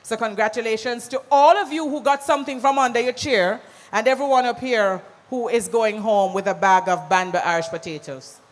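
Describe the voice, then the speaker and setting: Jamaican MC booming through a hall. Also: fairly quick. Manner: loud, commanding crowd directions, mixing patois. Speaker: event MC. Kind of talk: live event hosting. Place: large conference hall. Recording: hall reverb with music behind.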